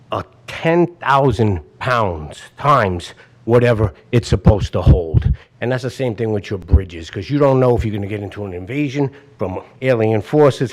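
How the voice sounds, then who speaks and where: Heated man venting at a hearing. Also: medium pitch. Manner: heated, exasperated, blunt. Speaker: resident speaking at a hearing. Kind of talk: public comment at a code hearing. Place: hearing room.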